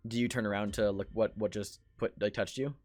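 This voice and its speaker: A man acting as game master, narrating a tabletop horror game in a halting way, full of fillers and restarts. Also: fairly low pitch, fairly even intonation, a little mellow.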